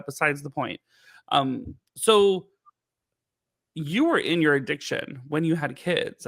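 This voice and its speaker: A man with a gravelly voice hosts a podcast, asking questions in a loose, rambling way with plenty of fillers. He laughs easily. His pitch sits a bit high for a man, and the sound is dry. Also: fairly bright tone, no room sound. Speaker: podcast host. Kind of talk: casual interview chat.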